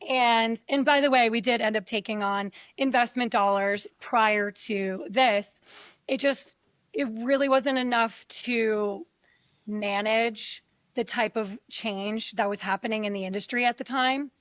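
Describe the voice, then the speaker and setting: A woman's voice: a little high, a little slow, dry recording, clean studio sound. A middle-aged woman, a podcast guest, telling her story candidly and acting out quoted voices as she goes. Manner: animated, acts out quoted voices.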